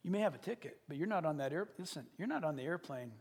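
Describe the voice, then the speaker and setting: A pastor preaching a sermon, animated and dramatic, dropping to whispers and acting out little scenes. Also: male voice, fairly high pitch, fast talker, slightly rough, in a large hall. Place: church service.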